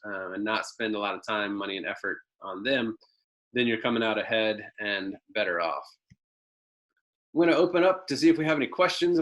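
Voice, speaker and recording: Over a video call, a man presents a marketing webinar by telling a folksy story packed with ums and uhs. His voice is lowish and a bit bright, and the recording is rough.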